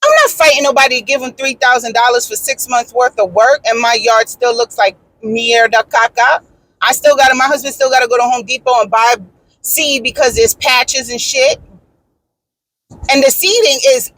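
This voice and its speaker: A woman in her thirties, talking casually to her viewers from inside a car, animated and frank with swearing, swinging from exasperated rants to easy storytelling. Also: high-pitched, moderate pace, no echo, poor audio. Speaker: vlogger.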